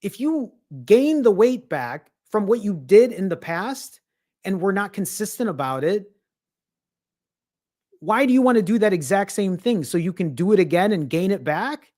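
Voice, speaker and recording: A man who coaches fasting and weight loss, giving a blunt, emphatic motivational talk to camera, repeating himself and swearing often. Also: high voice, sing-song, a little mellow.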